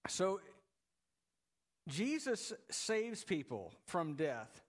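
A man preaching a sermon as pastor, in a relaxed conversational way that jokes with the congregation. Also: high voice, drawn-out words, big-room sound.

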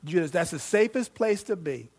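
Fired-up high-voiced male preacher. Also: normal speed. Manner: animated, rising to loud fervent reading; jokes with the congregation and asks them questions. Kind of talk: sermon.

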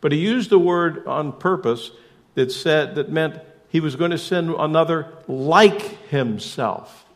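A man preaching a sermon as pastor, emphatic, asking rhetorical questions and shifting suddenly between loud and soft. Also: on the high side, measured pace.

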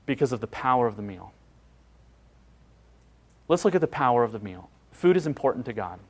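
A man preaching a sermon as pastor, in an emphatic, conversational way that repeats phrases for stress and asks the listeners questions. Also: mid-range voice.

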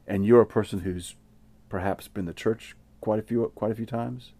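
A man preaching a sermon in an earnest, measured way, often restarting his phrases. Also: lowish voice, fairly even intonation, dark tone.

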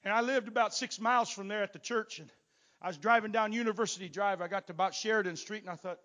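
A man's voice: high voice, fast, pushed and bright. A pastor telling his testimony from the pulpit to a congregation, in a folksy, storytelling manner that stumbles into repeated words. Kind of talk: sermon testimony.

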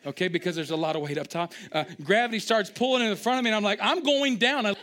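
A man delivers a lively sermon in a somewhat high voice. He acts out little scenes with sudden excited outbursts, then drops into quieter, wry asides to the congregation. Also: rapid-fire. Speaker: pastor.

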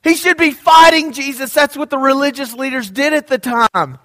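A man's voice: extremely high pitch, normal speed, pushed and bright. A man preaching a sermon, telling stories with drama and acting out the quoted lines. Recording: echoey hall.

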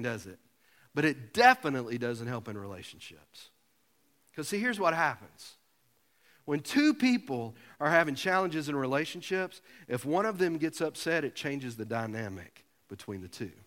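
A pastor preaching a sermon, telling a self-mocking story with humor. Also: male voice, high voice, sharp tone. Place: church sanctuary. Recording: long hall reverb.

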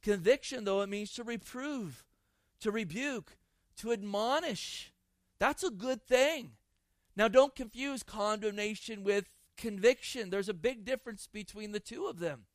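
A man's voice: high-pitched, a little slow, no room sound. A man preaching a sermon, emphatic and repeating phrases for stress. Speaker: pastor.

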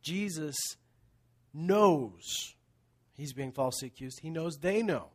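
Animated preaching man, fairly high voice. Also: takes it slowly. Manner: animated storytelling, laughing, then dropping to hushed tones. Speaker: pastor. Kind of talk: sermon.

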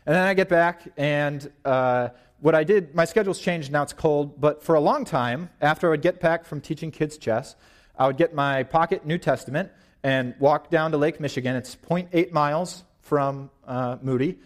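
A young man in his twenties giving an informal, animated sermon at church, pacing and gesturing as he talks. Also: on the high side, normal speed. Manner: paces and gestures while preaching, animated and informal. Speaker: young preacher.

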